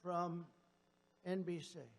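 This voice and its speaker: A sarcastic man holds forth at a stage microphone in a big convention hall. His voice sits fairly high for a man and carries a gravelly edge. He rambles off-script, swinging between shouted jabs and muttered asides. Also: steady tone, a little slow. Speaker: politician addressing a convention. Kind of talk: rambling off-script rally speech.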